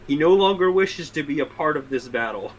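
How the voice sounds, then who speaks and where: A man's voice: on the high side, lively intonation, brisk, low-quality recording. A young man narrating as game master in a casual online tabletop session, swearing and laughing along.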